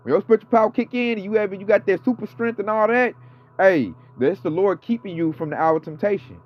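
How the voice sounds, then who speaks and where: A man's voice: high-pitched, quick pace. A man in his thirties or forties giving a casual, fired-up sermon, slangy and profane. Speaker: preacher. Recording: dull lo-fi audio with faint music.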